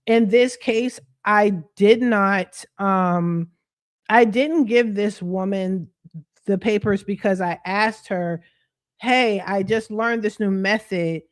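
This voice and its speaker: A woman's voice: mid-range voice, slow. A woman credit repair coach talking straight to her followers on a livestream, venting bluntly with plenty of profanity and streetwise slang. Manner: streetwise slang, addresses viewers directly.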